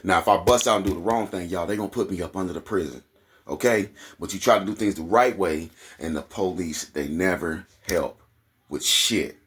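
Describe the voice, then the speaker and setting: A man with an Oklahoma accent ranting angrily to camera, profane and heated, his voice climbing into high indignant peaks. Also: normal speed, a bit bright, breathy edge. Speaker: vlogger. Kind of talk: angry rant to camera.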